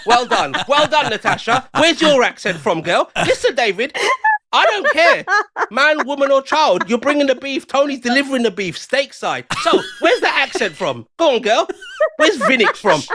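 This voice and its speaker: A man's voice: very high-pitched, big pitch swings, normal speed, bright, forceful tone. A man with an English accent, co-hosting a comedy podcast with theatrical, mock-indignant banter. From England. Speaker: co-host.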